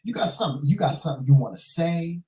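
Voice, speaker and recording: A man's voice: on the high side, animated, fast, mellow. A middle-aged man hosting a casual live chat show, talking straight to his viewers and calling them y'all, honey and child, often repeating himself. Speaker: talk show host. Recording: echoey room.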